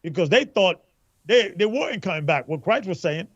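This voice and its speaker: A man, a church elder, talking through scripture in a casual chat, pausing and restarting his thoughts. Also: sits high, lively intonation, fairly bright tone, dry recording, highs cut off. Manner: hesitant, restarting mid-thought.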